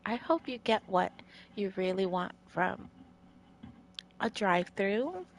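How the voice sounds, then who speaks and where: A woman putting on the voice of an overly cheery drive-through worker, sweet and slow. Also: medium pitch, lively intonation. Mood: sugary.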